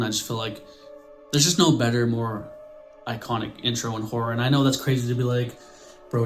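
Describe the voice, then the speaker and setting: A man in his twenties hosting a horror channel, casually reviewing a film, excitable and swearing freely with lots of "like". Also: medium pitch. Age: 20s. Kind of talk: casual movie review vlog.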